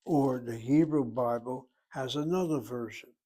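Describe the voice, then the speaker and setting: A man gives a grammar lesson in an exacting, explanatory way. He wanders into side remarks as he goes. His voice sits at an ordinary, mid-range pitch. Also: measured pace, warm tone. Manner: precise, digressive, explanatory. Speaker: Hebrew teacher. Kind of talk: classroom lecture.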